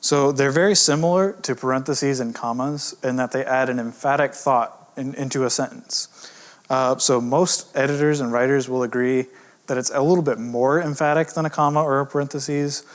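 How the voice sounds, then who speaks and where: Male editor as teacher, relaxed and conversational, middle pitch, slows to stress example words, casual fillers. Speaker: grammar course teacher, editor. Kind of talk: recorded lesson.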